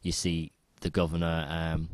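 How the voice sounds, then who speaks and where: A man co-hosting a podcast in casual chat, rambling and trailing off into quiet asides. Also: very deep voice, monotone, a little slow, dry recording. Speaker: podcast co-host.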